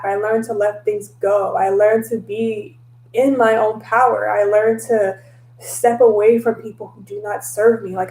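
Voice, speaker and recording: A woman telling stories in a casual vlog, animated and laughing often, slipping into voices for her own past lines. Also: mid-range voice, roomy sound, low-quality recording. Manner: laughs often, mixes in mild cursing. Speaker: tarot reader and vlogger.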